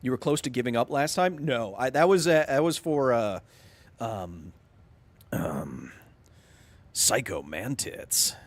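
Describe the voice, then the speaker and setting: A young man streaming a video game live, joking and talking excitedly with his chat. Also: medium pitch, unhurried. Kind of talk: casual let's-play chat.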